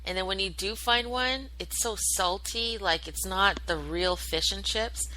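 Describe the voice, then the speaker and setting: A woman's voice: medium pitch, a little slow, sharp tone, slight background noise, low-quality recording. A woman hosting her own internet radio show, chatting casually and rambling with lots of fillers and swearing. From United States. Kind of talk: casual solo chat, answering listener chat.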